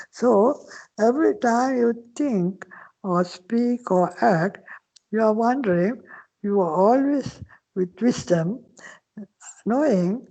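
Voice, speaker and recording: A woman's voice: medium pitch, vocal fry, mellow, poor audio. An older woman, a Buddhist nun, patiently explaining teachings in a dharma talk, sometimes dropping to a whisper. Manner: slow, patient explaining with Pali terms, occasional whispered phrases.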